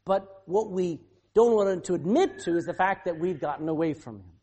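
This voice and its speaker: Preacher with a lively, swooping pitch. Animated sermon delivery, firing questions at the congregation. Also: normal speed, breathy edge. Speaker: pastor.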